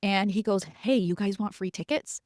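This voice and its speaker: A woman's voice: mid-range voice, moderate pace, darkish tone, no room sound, clean studio sound. A woman in her thirties hosting a podcast, telling a personal story in a chatty way, laughing now and then and quoting her own thoughts. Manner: chatty, laughs while telling, quotes herself in asides. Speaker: podcast host. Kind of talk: casual storytelling.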